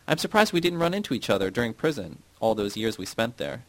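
A man reading the part of a sarcastic, bitter former prisoner in an audiobook, with a gravelly voice. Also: mid-range voice, big pitch swings, quick pace, low-quality recording. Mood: mocking. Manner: sarcastic, mocking.

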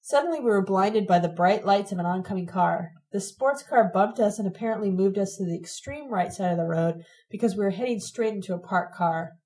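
Woman reading a memoir in a mellow voice. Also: mid-range voice, fairly quick, low-quality recording. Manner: steady, reflective storytelling. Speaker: audiobook narrator. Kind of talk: first-person memoir reading.

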